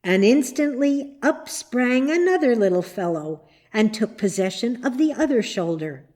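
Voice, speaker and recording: Slow, measured woman storyteller. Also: a little high, big pitch swings, darkish tone. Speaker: reader. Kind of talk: scripted storybook narration. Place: church.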